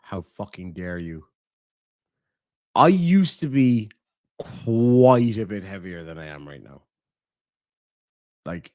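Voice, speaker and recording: An Irish livestream host with a lowish voice reads out donations and talks bluntly, swearing a lot and swinging animatedly in loudness. The recording is studio quality with no room sound.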